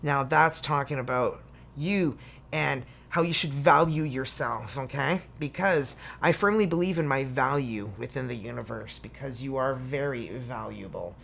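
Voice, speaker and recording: A woman's voice: very deep voice, unhurried, gravelly, a little hiss or hum. A Canadian woman giving a casual, chatty tarot reading to camera, full of folksy sayings. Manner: chatty and folksy, full of "you know" and "okay". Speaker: tarot reader.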